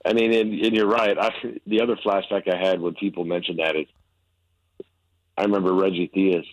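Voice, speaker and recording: A man appearing as a sports reporter guest on a radio show, talking in a relaxed, rambling way and laughing easily, sounding tired. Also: deep voice, brisk, no room sound, rough recording. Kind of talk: casual radio interview.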